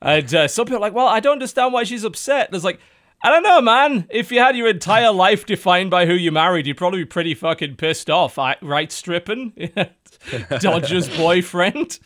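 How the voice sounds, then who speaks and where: A man's voice: high voice, expressive, normal speed, a bit bright. A British man hosts a loose podcast chat with a slightly raised voice. He talks in a sardonic, chatty way and swears freely as he banters with his guests. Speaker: podcast host.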